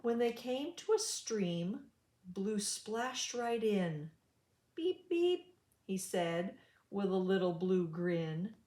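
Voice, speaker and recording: A woman reading a children's picture book aloud, slowly, with a sing-song storytelling manner. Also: mid-range voice. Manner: slow, lively storytelling with sing-song voices for animals. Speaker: storybook reader. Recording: roomy echo.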